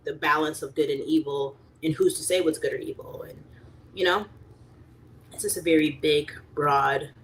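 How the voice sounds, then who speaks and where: A young woman with a low voice chats loosely to her livestream audience, wandering from thought to thought. She fills her talk with fillers and breaks into lively, high-pitched impressions of people she quotes. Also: normal speed, a little hiss or hum. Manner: rambling, chatty, lots of fillers, voices quoted people animatedly. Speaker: livestream host reading chat. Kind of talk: casual rambling livestream chat.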